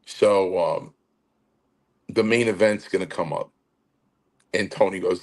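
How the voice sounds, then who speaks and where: A man's voice: deep voice, unhurried, pauses often. A man telling stories in casual chat as a guest, acting out quotes with animation. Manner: animated storyteller, acts out quotes. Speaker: wrestling podcast guest.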